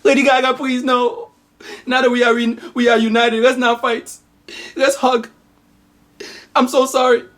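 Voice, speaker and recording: A woman's voice: on the high side, flat delivery, measured pace, long pauses, pitched above the performer's own voice, lightly acted. A woman voicing a tearful, overwrought queen mother who pleads and repeats herself.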